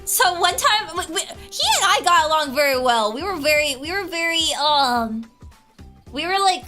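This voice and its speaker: Young woman streamer, animated and giggly, swooping pitch. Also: normal speed, faint music behind. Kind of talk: casual chat with chat.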